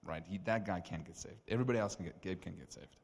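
South African male pastor, lowish voice, casual storyteller, reverb of a big church hall. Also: quick pace, creaky, a little hiss or hum. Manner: casual, animated storytelling with frequent "like" and "right?". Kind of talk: storytelling sermon.

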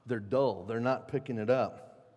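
A man preaching a sermon in a conversational, animated way, acting out quotes with sudden loud and soft turns. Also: medium pitch, a little slow, big-room sound. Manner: conversational, animated, acts out quotes with shifts in loudness. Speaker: pastor.

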